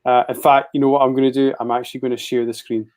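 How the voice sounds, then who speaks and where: A man's voice: mid-range voice, little pitch movement, quick pace, a little mellow. A man co-hosting a podcast, trading laid-back, jokey banter in casual chat over a remote call. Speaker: podcast co-host.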